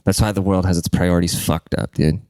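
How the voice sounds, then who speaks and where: A man's voice: low voice, fairly even intonation, a little fast, clean tone, no room sound. A young man hosting a podcast alone, talking crude and rambling, and congested. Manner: crude, rambling, jumps between loud and muttered. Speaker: podcast host. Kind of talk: casual solo podcast rant.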